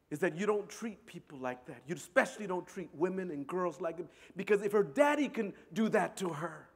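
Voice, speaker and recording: A middle-aged man telling a personal story to an audience in an earnest, halting way, often repeating words. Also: high-pitched, vocal fry, a bit bright. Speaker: speaker. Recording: long hall reverb.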